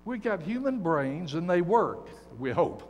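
A guest preacher, an older man with a strikingly high voice, delivers an emphatic, folksy sermon that blends stories and jokes with a firm call to his congregation. He is very animated yet keeps a measured pace, his words ringing through the church sanctuary with a long reverb over a faint hiss or hum.

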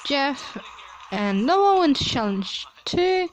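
Slow-talking young woman reading game results. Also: on the high side, slight background noise. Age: young adult. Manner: chatty, reads results aloud, excited exclamations. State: coughing at times. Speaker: player reading a simulator. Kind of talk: casual play-along commentary.

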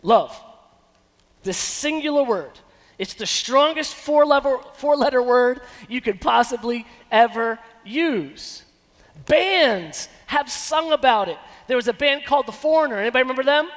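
A man in his thirties preaching a sermon as pastor, animated and given to breaking into snatches of song. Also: very high voice, unhurried. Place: church sanctuary. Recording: long church hall reverb.

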